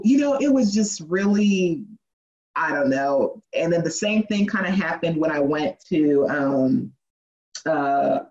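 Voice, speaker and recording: Animated lawyer telling stories, muffled sound. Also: mid-range voice. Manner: animated storytelling, acts out quoted voices, laughs often. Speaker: lawyer, podcast guest. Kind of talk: casual interview.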